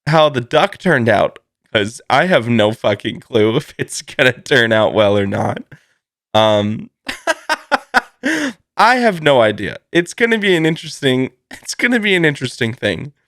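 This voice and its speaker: A man chats on his own podcast, laughing often and swearing freely as he rambles. His pitch swings up and down with animated energy. The sound is dry and close, with no room echo. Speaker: podcast host. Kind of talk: casual solo podcast chat.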